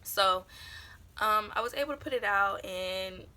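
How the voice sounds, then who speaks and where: Vlogger, young woman, chatty storyteller, crisp bright voice. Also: medium pitch, unhurried. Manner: chatty, meandering with lots of fillers. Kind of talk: casual storytime.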